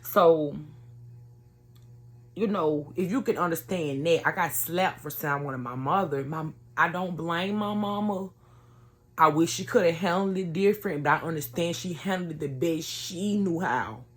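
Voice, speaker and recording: A woman's voice: lowish voice, moderate pace, slight background noise. A woman telling an emotional personal story to her viewers in an earnest, conversational way. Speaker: vlogger sharing a personal testimony.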